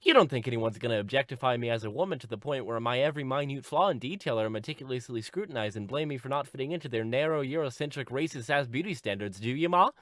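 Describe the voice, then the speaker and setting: A man's voice: medium pitch, lively intonation, fast talker, few pauses, a bit bright, dry recording, clean studio sound, natural voice. A man voicing a peppy, sarcastic teenage girl heroine in a mocking, sing-song way. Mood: mock sincere.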